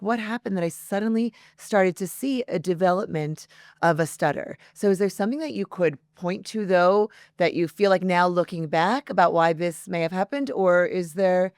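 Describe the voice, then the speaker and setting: A woman's voice: fairly low pitch, darkish tone, smooth, no echo, clean studio sound. A woman hosting an interview show, earnest and personal in how she asks her questions. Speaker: host. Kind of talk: interview hosting with scripted intro.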